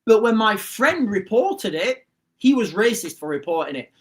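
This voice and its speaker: Man, forties, high voice, livestream host, casual political commentary, repeats himself, says guys a lot. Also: very animated, normal speed, fairly bright tone. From Rotherham, England. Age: 40s.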